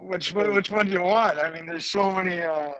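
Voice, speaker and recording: A man, a former hockey player and guest, telling an animated anecdote in a lively, rambling way. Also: high-pitched, fairly quick, dull audio, a crowd in the background. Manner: lively, rambling, laughs mid-story.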